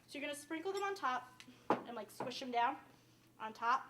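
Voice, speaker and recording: A woman's voice: sits high, expressive, moderate pace, heavy background noise. Chatty young woman with New York accent. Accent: downstate New York. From Westchester, New York. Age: young adult. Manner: chatty, rambling, says "like" often. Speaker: cooking show host. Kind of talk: casual cooking demonstration.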